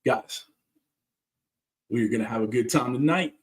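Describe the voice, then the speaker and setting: A man's voice: mid-range voice, a little slow, reverberant. A man with a Southern California accent hosting a casual live cooking stream, chatting loosely and greeting viewers by name. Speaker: cooking channel host. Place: backyard, outdoors.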